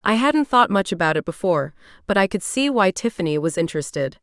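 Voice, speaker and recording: A woman reading a first-person romance audiobook aloud in a steady, even way. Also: mid-range voice, brisk, dry recording, clean studio sound. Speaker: audiobook narrator.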